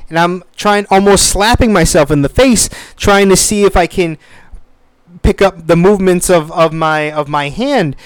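A man in his thirties telling a story in a casual, animated way, swearing freely. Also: high-pitched, moderate pace, smooth, no echo. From United States. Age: 30s. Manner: animated, swears freely, acts out quoted voices.

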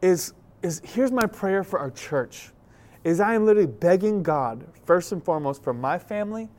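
A young male pastor delivers a sermon as an animated storyteller, acting out scenes with playful energy. He sounds a little out of breath as he talks. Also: sits high, normal speed.

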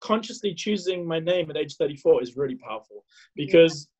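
A man from South Africa in his thirties, telling a personal story as a podcast guest, animated and full of fillers. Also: on the high side, fairly quick, slightly rough, poor audio. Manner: animated, acts out his own past dialogue, many fillers and restarts. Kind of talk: casual storytelling.

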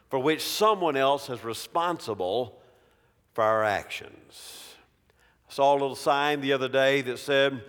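A man preaching a sermon to a congregation, slow and dramatic, swinging from raised, forceful lines to hushed, quiet drops. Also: medium pitch. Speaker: pastor. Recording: long reverb of a church hall.

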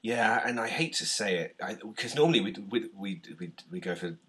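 A British man co-hosting a podcast, chatting casually about a film, animated, laughing often and restarting his sentences. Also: on the low side, moderate pace. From Britain. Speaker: podcast co-host.

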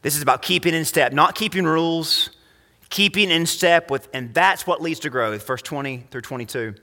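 Man preaching, emphatic, rising loud then dropping quiet; slightly high voice in a reverberant church hall. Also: normal speed. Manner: emphatic, swings between loud highs and quiet lows. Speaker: pastor. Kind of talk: sermon.

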